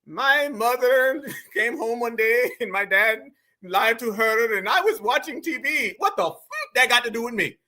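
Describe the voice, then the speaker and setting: A man giving brash, slangy, mocking reaction commentary, taunting and sometimes bursting into shouts. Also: very high voice, animated, a little slow.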